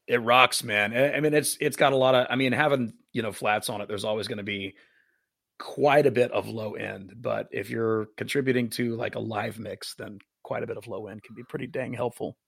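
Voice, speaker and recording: A man's voice: mid-range voice, fairly even intonation, a little fast, gravelly, fairly bright tone, dry recording, clean studio sound. A man who is a guest musician on a podcast, chatting casually in an enthusiastic, easygoing way.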